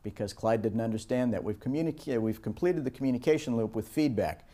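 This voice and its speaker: Speaking fast, a middle-aged instructor tells stories in a recorded lecture about project teamwork. His voice sits at a normal middle pitch with a mellow, relaxed tone, and he shifts into higher voices to act out people he quotes.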